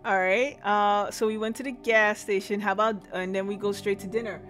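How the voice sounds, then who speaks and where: A woman's voice: medium pitch, steady tone, brisk, a bit bright, soft background music. A woman streamer chatting casually while playing a game, rambling through restarts and laughing often. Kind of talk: casual live-stream commentary while gaming.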